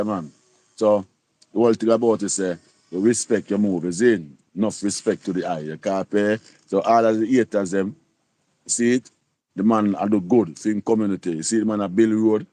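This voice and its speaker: A Jamaican man in his sixties hosts a casual livestream chat. His voice is low, warm and mellow, and it sounds dry and close to the mic. He rambles, repeating "you see?" and "you copy?" again and again. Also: no echo. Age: 60s. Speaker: livestream host.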